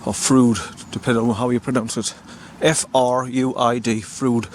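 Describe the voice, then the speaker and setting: A man's voice: medium pitch, level tone, brisk, slight background noise. An older man from the North East of England, chatting casually while he films a walking vlog outdoors by a river, rambling a little and correcting himself as he goes. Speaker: vlogger. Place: outdoors by a river in a small town.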